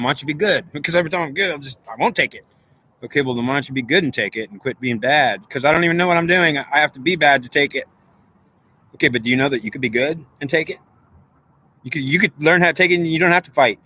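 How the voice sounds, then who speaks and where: Fast, bright-voiced man rambling to himself. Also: fairly high pitch, slightly rough. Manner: rambling stream-of-consciousness, arguing with himself. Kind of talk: unscripted monologue; guided visualization.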